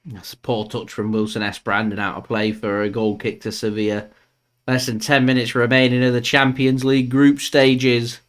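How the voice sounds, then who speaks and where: A man's voice: medium pitch, level tone, normal speed, fairly bright tone. A young man hosting a live football watchalong, chatting casually and joking as he follows the match. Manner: chatty, jokey, laughs often, swears. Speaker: fan channel host doing live match commentary.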